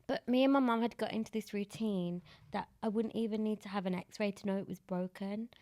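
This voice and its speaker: A British woman in her thirties, a guest in an interview, telling personal stories in a candid, animated way and laughing often. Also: mid-range voice, a little fast. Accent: British English. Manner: warm storytelling, laughs often. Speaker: guest, disability activist.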